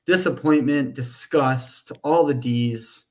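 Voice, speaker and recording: A man's voice: mid-range voice, slow, darkish tone. A man co-hosting a sports talk show, ranting with frustration and a lot of swearing. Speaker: podcast co-host.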